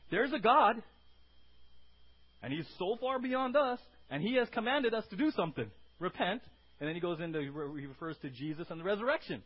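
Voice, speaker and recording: Male pastor, high husky voice, lively preaching to a congregation. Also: highs cut off. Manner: animated preaching, asks the congregation questions. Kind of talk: sermon. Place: church sanctuary.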